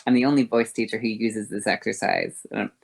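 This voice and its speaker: A woman voice teacher explaining vocal fold exercises, moving between a harsh, thick sound and a soft, thin one, over a voice call. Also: very deep voice, a little fast. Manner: switches between harsh fry and soft breathy tones.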